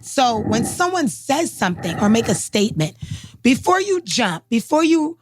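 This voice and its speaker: A woman co-hosting a podcast in casual chat, talking in an emphatic, animated way. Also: fairly high pitch, moderate pace, background noise. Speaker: podcast co-host.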